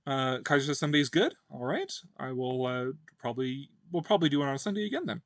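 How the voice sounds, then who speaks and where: A man hosting a casual livestream chat, rambling with many fillers and pauses. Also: mid-range voice, expressive, dry recording. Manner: rambling, lots of fillers and hesitations. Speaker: host.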